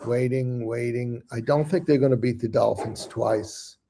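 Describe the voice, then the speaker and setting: Brief Older male analyst co-host, gravelly tone, measured and hesitant. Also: mid-range voice, mellow, a little hiss or hum. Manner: measured, hesitant, restarts phrases. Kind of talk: casual sports talk.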